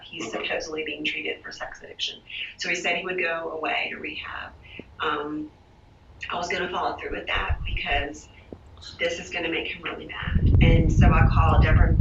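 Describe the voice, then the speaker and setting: A woman giving a police statement, halting and distressed, often restarting her sentences. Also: low voice. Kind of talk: recorded police interview. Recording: distant, echoey, lo-fi room recording with loud hiss.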